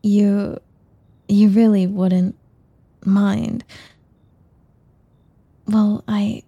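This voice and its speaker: A woman's voice: mid-range voice, level tone, very slow, dark tone, husky, lo-fi sound, exaggerated voice. A young woman voicing a shy, nervous young woman in an audio role-play, talking hesitantly and stumbling over her words with many restarts.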